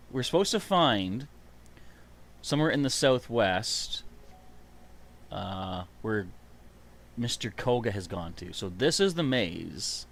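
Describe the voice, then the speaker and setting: A man giving live gameplay commentary, excitable and chatty, reading out viewer comments. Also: mid-range voice. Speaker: streamer playing a video game.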